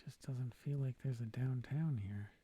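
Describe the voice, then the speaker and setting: A man's voice: mid-range voice, measured pace, mellow, slightly rough. A man playing a game alone and thinking aloud, often dropping into half-whispered asides to himself. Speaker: game player. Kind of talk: solo game commentary.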